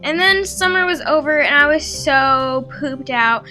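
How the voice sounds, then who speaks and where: Teen girl vlogger, high bright voice, chatty storytelling voice-over, faint music bed. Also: expressive, unhurried. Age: teens. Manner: chatty, full of likes and ums, acts out her own quotes. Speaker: beauty vlogger. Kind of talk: draw-my-life voice-over narration.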